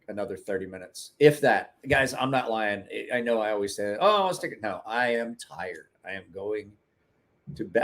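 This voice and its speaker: Man, mid-range voice, loose profane livestream host chatting with viewers. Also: mid-range voice. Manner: rambling, profane, joking asides to chat. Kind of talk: casual livestream chat.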